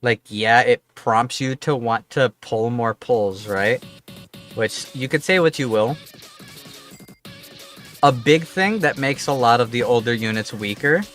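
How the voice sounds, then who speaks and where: Male streamer, mid-pitched, casual rambling chat laced with swearing, faint music underneath. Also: fairly bright tone. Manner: rambling, profane and offhand.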